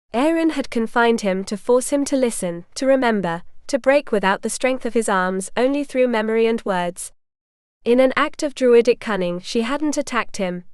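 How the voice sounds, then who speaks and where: A woman narrating an audiobook with a measured, even reading. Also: on the high side, clear, resonant tone, dry recording, studio quality. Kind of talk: scripted narration.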